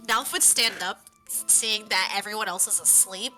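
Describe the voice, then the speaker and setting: A woman's voice: medium pitch, moderate pace, pushed and bright, faint music behind. A woman playing a tabletop game, explaining her character's actions earnestly. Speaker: player. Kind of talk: casual tabletop chat.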